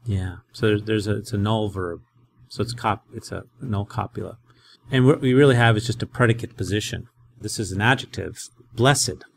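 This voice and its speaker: A lowish-voiced male professor leads a Greek lesson in a chatty, animated way. Soft background noise sits under his voice. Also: moderate pace, creaky. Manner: conversational, animated explaining.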